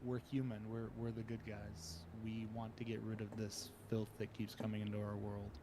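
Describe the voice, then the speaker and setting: A man voicing a calm adult male government agent who speaks in a measured, quietly menacing way, as a tabletop game master. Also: fairly low pitch, noisy background, natural voice. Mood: calm, cold.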